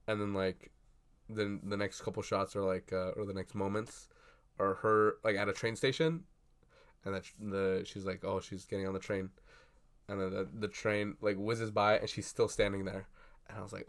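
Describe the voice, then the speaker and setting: A young man chatting casually at his desk about a film he just saw, rambling and swearing with lots of fillers and excited bursts. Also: on the low side, moderate pace. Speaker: vlogger. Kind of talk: casual movie reaction chat. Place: at a desk indoors. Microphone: computer webcam.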